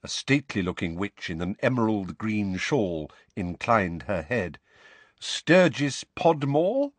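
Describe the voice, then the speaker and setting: Casting: male audiobook narrator, low husky voice, lively delivery. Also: measured pace, no echo. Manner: expressive storytelling. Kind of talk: scripted narration.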